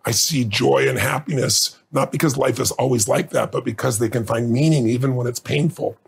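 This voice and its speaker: Intense middle-aged guy, rough husky voice, gets all choked up telling stories. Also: medium pitch, a little fast. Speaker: guest speaker. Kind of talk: emotional storytelling in an interview.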